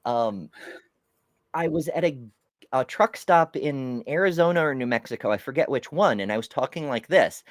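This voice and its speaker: Lively rambling woman podcast host. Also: rumbling low, normal speed, dry recording, clean studio sound. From United States. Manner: rambling, animated storyteller with frequent laughs. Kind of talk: casual chat.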